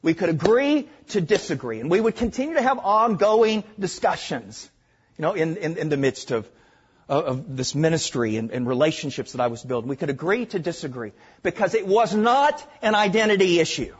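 An older man with a Southern accent, from Arkansas, preaching a sermon, stressing points loudly and then dropping to hushed asides. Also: fairly high pitch, sing-song, moderate pace, slightly rough, dull audio. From Arkansas, USA. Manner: emphatic, swings between loud stresses and hushed asides.

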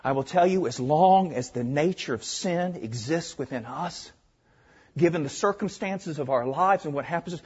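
An older man with a Southern accent, from Arkansas, preaching a sermon, stressing points loudly and then dropping to hushed asides. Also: on the high side, moderate pace, breathy edge, dull audio. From Arkansas, USA. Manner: emphatic, swings between loud stresses and hushed asides.

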